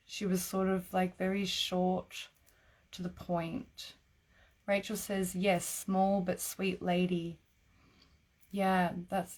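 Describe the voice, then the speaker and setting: Chatty and quick to laugh, this Australian psychic reader does live-streamed readings, filling her talk with "like." She has a lowish voice with a darkish tone.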